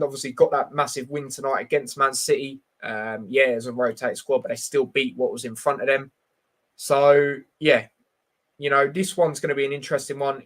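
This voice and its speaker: A man's voice: medium pitch, fairly bright tone. A man hosting a casual football prediction live stream, talking bluntly and reading out chat, with lots of fillers. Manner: chatty and blunt, full of fillers, answering chat directly.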